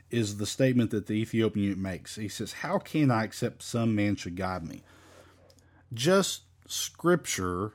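A man's voice: medium pitch, darkish tone. A man teaching a Bible study in a casual, rambling way, with many fillers and restarts, into a home microphone. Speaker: Baptist preacher.

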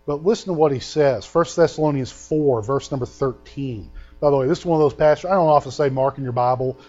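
A man preaching a sermon, telling stories and reading scripture with loud emphasis. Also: mid-range voice, lo-fi sound. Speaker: pastor.

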